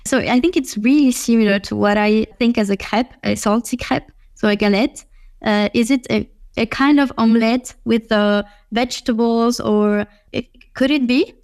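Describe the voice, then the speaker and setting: A woman's voice: on the high side, normal speed, darkish tone. Curious woman learning Chinese. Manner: tentative, translating thoughtfully. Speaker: language learner. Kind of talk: casual lesson chat.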